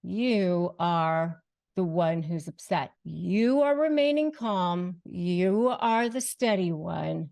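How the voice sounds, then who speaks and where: Gravelly-voiced woman giving emphatic advice. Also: fairly low pitch, darkish tone. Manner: emphatic, slows down to stress key phrases. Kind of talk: direct-to-camera advice talk.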